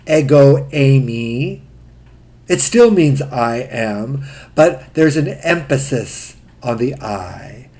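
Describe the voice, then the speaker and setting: A male teacher works through Greek grammar in a recorded lecture. He speaks at an unhurried, deliberate pace. His voice sits at an average pitch, and he lays out each point methodically. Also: a little mellow. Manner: slow, methodical explaining.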